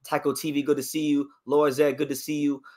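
A man's voice: a little high, flat delivery, fast, warm tone. Chatty man hosting a boxing livestream. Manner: chatty, reads viewer comments aloud and reacts; opinionated about fighters. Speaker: boxing channel host. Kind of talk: casual livestream commentary.

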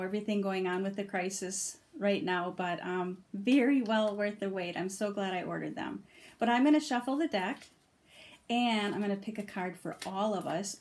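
A middle-aged woman in a casual video review, gushing over each card she turns up. Her voice sits at an ordinary pitch, and she laughs often while sharing her delight. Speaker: vlogger reviewing oracle cards.

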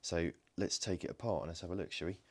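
A DIY electronics video host with a low voice narrates a casual hands-on teardown in his home workshop, speaking quickly in a steady tone over a very noisy background. He jokes and thinks aloud as he works, with frequent ums and self-corrections.

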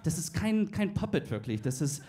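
A man's voice: on the high side, very animated, moderate pace, warm tone, slight background noise. Man doing a fussy German film boss, rambling, mixing English words into German, in a stand-up bit. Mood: earnest rambling.

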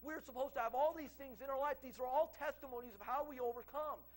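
A man's voice: very high-pitched, quick pace. A man preaching a revival sermon, fervent and repetitive, quoting scripture at length.

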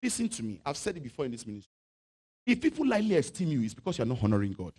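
A male pastor from Nigeria preaching a sermon, chanting scripture and swinging from loud shouts to low asides. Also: huge pitch swings, racing, breathy edge. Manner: reads scripture aloud in a chanting, sung tone.

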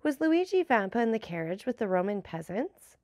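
A woman reading the lines of an earnest young gentleman in an audiobook, probing and polite. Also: mid-range voice, sing-song, a little fast, dry recording, clean studio sound, close to an everyday voice.

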